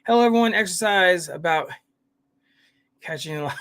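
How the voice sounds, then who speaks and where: A man runs a casual live stream, rambling as he welcomes viewers by name and reads out what they write, peppering it with "guys" and "fam." His voice sits high and is smooth, a bit bright, and unhurried.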